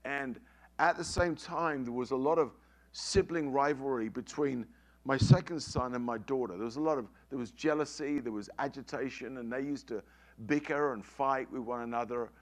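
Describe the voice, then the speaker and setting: A man's voice: medium pitch, moderate pace. Middle-aged preacher man telling a story. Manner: emphatic, repeats phrases for effect. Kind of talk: sermon with personal storytelling.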